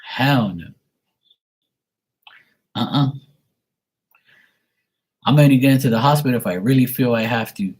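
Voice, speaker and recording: Man, forties, husky voice, mid pitch, profane rambling rants, casual live chat. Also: unhurried, pauses often, a little mellow. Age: 40s. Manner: profane, ranting storyteller. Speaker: live tarot reader.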